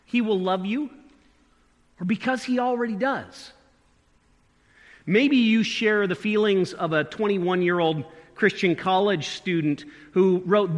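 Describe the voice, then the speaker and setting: A man's voice: high voice, a bit bright, big-room sound. A man preaching a sermon as pastor, earnest, often repeating a word and shifting his emphasis. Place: church sanctuary.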